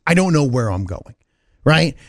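A male radio host telling a long funny story in lively chat, acting out the people he met. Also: a little high, normal speed, dry recording, clean studio sound.

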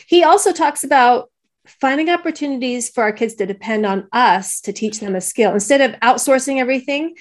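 A woman's voice: high voice, fairly quick. A woman co-hosting a podcast discussion, thoughtfully sharing stories from her own parenting. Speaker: podcast co-host. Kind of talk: casual panel discussion.

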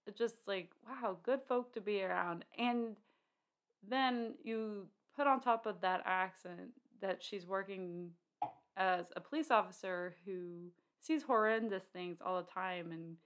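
A woman's voice: medium pitch, measured pace, a bit bright. A woman co-hosting a casual film discussion, chatty, with many fillers and restarts.

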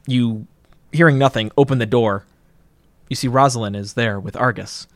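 A man narrating a tabletop role-playing game as game master, describing scenes calmly. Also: mid-range voice, normal speed, dry recording.

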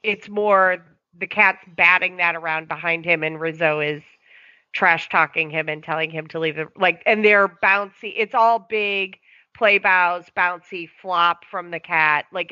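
A woman's voice: fairly low pitch, bright, forceful tone, dry recording. A woman dog owner calling in and explaining her dog's problems at length in casual chat. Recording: dry, dull lo-fi sound.

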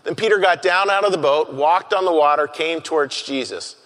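A man's voice: fairly high pitch, a bit bright. Earnest male pastor preaching in a hall. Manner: earnest, halting, repeats key phrases. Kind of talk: sermon. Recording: long hall reverb.

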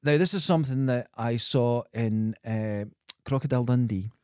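A Scottish man co-hosting a podcast, telling animated stories in casual chat with bursts of laughter. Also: medium pitch, normal speed, clean tone, dry recording, clean studio sound. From Scotland. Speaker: podcast co-host.

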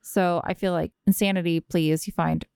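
A woman's voice: fairly low pitch, fairly even intonation, normal speed, creaky, darkish tone, smooth, no room sound, studio quality. A woman co-hosting a podcast in casual chat, making her point emphatically and often talking over the others. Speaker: podcast co-host.

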